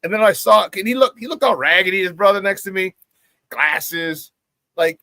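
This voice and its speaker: A man hosts a sports talk show, telling a story in a loose, animated rant. His voice sits fairly high for a man, and he uses quick voice changes when he quotes people. The sound is dry and close, with no room echo. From Chicago area. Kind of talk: casual rant on a live show.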